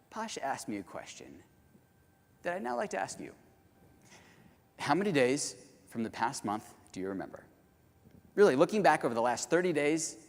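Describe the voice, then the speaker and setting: A man giving a storytelling keynote talk at a conference, speaking to the audience directly and in an animated way. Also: medium pitch. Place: large conference hall. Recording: long hall reverb.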